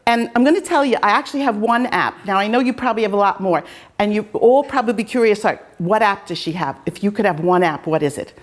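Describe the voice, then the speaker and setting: A woman's voice: mid-range voice, fast. A woman host, a fencing coach, telling casual anecdotes in a chatty, self-deprecating way.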